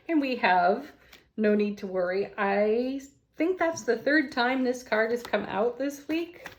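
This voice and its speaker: A woman giving a casual spiritual tarot reading from home, gentle and soft-spoken, often laughing lightly. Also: fairly high pitch, slow, low-quality recording. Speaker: tarot reader. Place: home, with landscaping crew outside.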